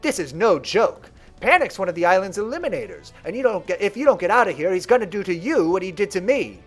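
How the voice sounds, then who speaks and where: A man's voice: high voice, animated, fast, soft background music. A man voicing a proud young woman duelist, speaking dramatically. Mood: upset.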